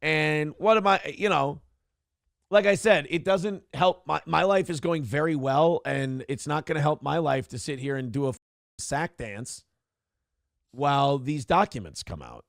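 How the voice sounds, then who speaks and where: A middle-aged man hosts a casual livestream, rambling candidly and reading viewer messages aloud. His voice is fairly high, unhurried, and creaky, recorded in clean studio sound with no echo.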